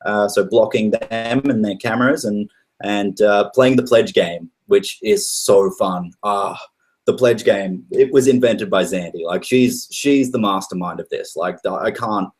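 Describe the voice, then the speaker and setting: A man from Australia who is a guest on a podcast, talking in a relaxed, rambling way with many restarts. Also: fairly low pitch, a little slow, breathy edge. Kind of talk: casual podcast chat.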